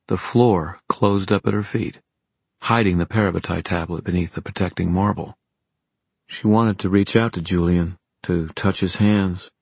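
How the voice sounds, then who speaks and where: A man reading an audiobook in calm, measured narration. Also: low-pitched, creaky, slightly rough, no room sound. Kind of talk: scripted narration.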